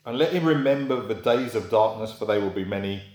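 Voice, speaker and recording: A man's voice: lively intonation, brisk, darkish tone, roomy sound. A man preaching a sermon in a conversational storytelling way, asking rhetorical questions and acting out quoted voices. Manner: acts out quoted voices in a high pitch.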